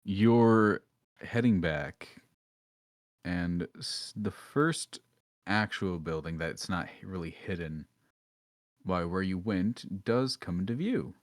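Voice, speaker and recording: Deep-voiced man narrating a tabletop game. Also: takes it slowly, dry recording, studio quality. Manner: relaxed, filler-heavy descriptions. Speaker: dungeon master.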